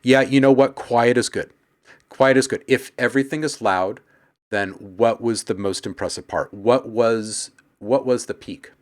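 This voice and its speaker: A man's voice: mid-range voice, a little slow. A man hosting a live stream, giving casual, frank feedback on listeners' music in a coaching tone, with plenty of fillers.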